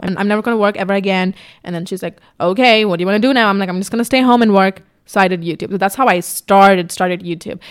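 A woman's voice: medium pitch, smooth. A young woman YouTuber talking to her camera in a casual sit-down vlog, chatty and candid, swearing casually. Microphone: camera on tripod in front of her.

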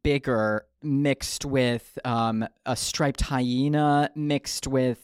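A man's voice: mid-range voice, steady tone, drawn-out words, clean tone, no room sound, studio quality. A man hosting a podcast, telling a story in a playful, joking way with lots of ums and asides. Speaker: podcast host.

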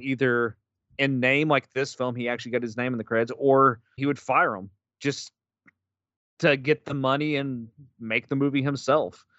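A man's voice: mid-range voice, a bit bright, dry recording, muffled recording. A man co-hosting a casual film podcast, laid back, with wry asides and film trivia. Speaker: podcast co-host.

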